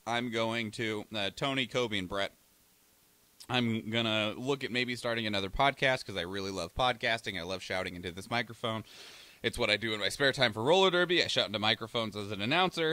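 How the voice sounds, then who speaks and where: Bright-voiced man casually chatting. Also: medium pitch, no echo. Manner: laughing, swearing, rambling. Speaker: podcast co-host. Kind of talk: casual chat, reading news.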